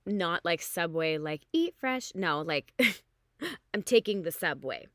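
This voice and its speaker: A hungover woman telling a story in a casual way, animated, and she acts out the people she quotes with big jumps in pitch. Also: slow pace, dry recording, clean studio sound. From Canada.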